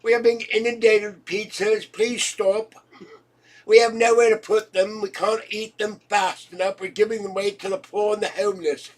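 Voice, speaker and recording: A man's voice: high voice, little pitch movement, moderate pace, voice pushed up. A man voicing a flustered, pompous British palace spokesman who pleads in a fussy official tone. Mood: pleading.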